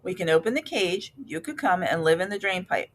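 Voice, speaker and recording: A woman voicing a fussy, stingy male mouse in a storybook reading, talking in a high, pitiful, theatrical way. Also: big pitch swings, a little fast. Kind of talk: storybook read-aloud.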